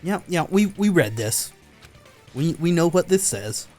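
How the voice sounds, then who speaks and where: A man with a slightly higher voice gives lively let's-play commentary over a visual novel. He reacts out loud and answers the characters back. Faint game music plays under his voice. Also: measured pace. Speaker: gameplay commentator.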